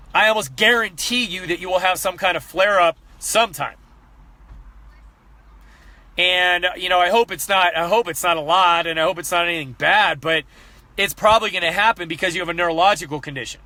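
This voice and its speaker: Earnest and animated, a thirtysomething fitness coach gives a candid pep talk, circling back on his words whenever he gets fired up. His pitch is high, and there's no room sound.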